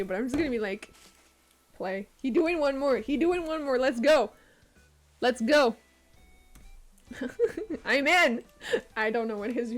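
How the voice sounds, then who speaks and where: A young woman chatting casually on a game stream, excitable and swearing, with frequent laughs. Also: fairly high pitch. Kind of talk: casual live-stream chat while gaming.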